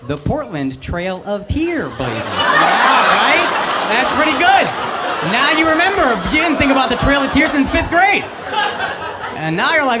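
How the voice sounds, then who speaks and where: A man in his thirties doing a brash, profane stand-up set with crowd work, shouting his punchlines on a club stage. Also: very high voice, big pitch swings, moderate pace, background noise. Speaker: stand-up comedian. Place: comedy club stage before a live audience. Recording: live club with loud audience laughter. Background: loud crowd laughter.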